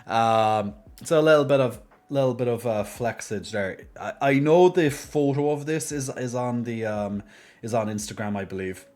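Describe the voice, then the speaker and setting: A man's voice: medium pitch, normal speed, a little mellow. A man with a mild Irish accent, chatting casually and playfully as a live streamer. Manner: playful and jokey, laughs often. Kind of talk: casual chat.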